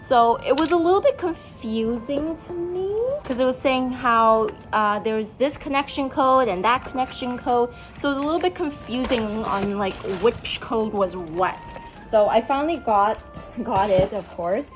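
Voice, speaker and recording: A woman's voice: a little high, normal speed, over music. Chatty young woman reviewing a gadget. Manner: chatty, filler-heavy, talks to her pets. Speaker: beauty vlogger. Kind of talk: casual product review vlog. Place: her home.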